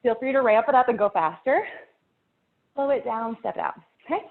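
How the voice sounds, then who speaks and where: A woman's voice: a little high, expressive, fairly quick. Breathless woman fitness instructor counting reps. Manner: encouraging, counts down reps, laughs between cues. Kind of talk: live workout class cueing. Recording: tinny phone-like audio.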